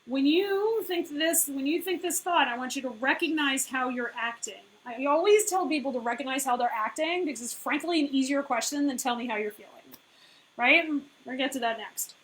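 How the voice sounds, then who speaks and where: A woman in her thirties with a high voice gives a casual coaching talk. She speaks conversationally, leans on fillers and keeps checking in with "right?" and "all right?". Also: brisk, a bit bright, a little hiss or hum, rough recording. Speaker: business owner and life coach.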